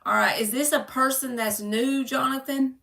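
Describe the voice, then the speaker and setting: Lady reading tarot on a stream, gravelly and bright, mic sitting a bit away from her. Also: high-pitched, steady tone, moderate pace, recorded from a distance. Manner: chatty, joking, talks to viewers by name. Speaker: tarot reader. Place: home room.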